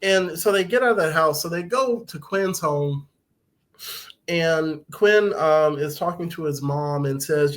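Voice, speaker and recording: A man's voice: a little high, steady tone, measured pace, fairly bright tone. A man casually recapping a TV episode on a podcast, loose and profane, with lots of fillers and laughter.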